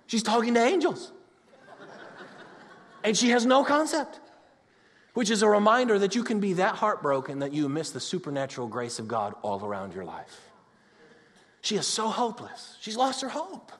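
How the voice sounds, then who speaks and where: Male pastor, high voice, preaching, loud to hushed, long hall echo. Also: normal speed, pauses often. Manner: conversational preaching, swings from loud excited to hushed and intimate. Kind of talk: sermon.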